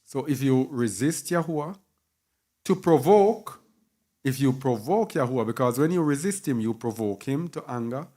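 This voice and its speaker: A man's voice: mid-range voice, animated, normal speed, mellow. A man teaching a sermon with emphasis, repeating key words and spelling some out letter by letter. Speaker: Bible teacher.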